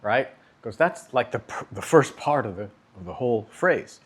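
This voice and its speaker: Guy giving a drum lesson, middle-pitched voice, a bit of hiss behind him. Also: animated, normal speed. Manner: patient, explanatory, frequent "okay?" check-ins. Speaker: drum teacher. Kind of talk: instructional demonstration.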